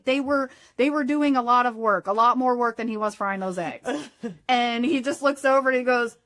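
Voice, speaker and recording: A high-voiced woman with a Pennsylvania accent tells a story as a podcast guest, breaking into laughter as she talks. The sound is dry and close, with little room echo. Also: moderate pace, a bit bright. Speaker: real estate investor guest. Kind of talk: casual chat.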